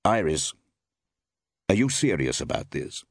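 A man reading aloud, voicing a composed gentleman who speaks in a measured, politely probing way. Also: extremely low pitch, big pitch swings, vocal fry, husky, no room sound, studio quality, heavily acted.

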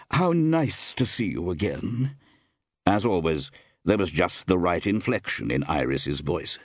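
A man narrating an audiobook in an expressive, measured storytelling manner. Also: deep voice, no echo, studio quality.

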